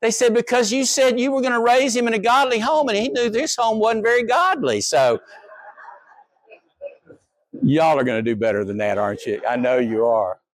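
A man preaching a sermon as pastor, animated, swinging from soft asides to raised exclamations. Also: high voice, normal speed, no room sound.

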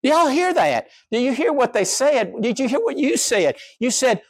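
A man preaching a sermon as pastor, animated, swinging from soft asides to raised exclamations. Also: extremely high pitch, moderate pace, few pauses, breathy edge, no room sound.

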